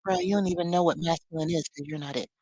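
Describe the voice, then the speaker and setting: A woman's voice: fairly low pitch, steady tone, fast talker, darkish tone, no room sound, rough recording. A woman leading a live spiritual teaching, talking expressively with sassy, conversational asides.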